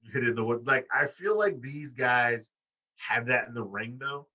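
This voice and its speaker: A man co-hosting a wrestling podcast in casual chat, profane and animated, acting out quotes in high voices. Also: normal speed, far from the mic. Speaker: podcast co-host.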